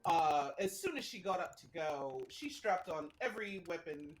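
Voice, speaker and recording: A woman playing a tabletop game, speaking deliberately and theatrically as her character. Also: on the low side, lively intonation, poor audio. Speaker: player.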